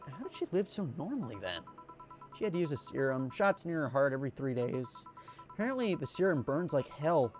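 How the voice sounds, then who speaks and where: A streamer reading game dialogue aloud, stumbling and restarting now and then. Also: male voice, fairly high pitch, a little mellow.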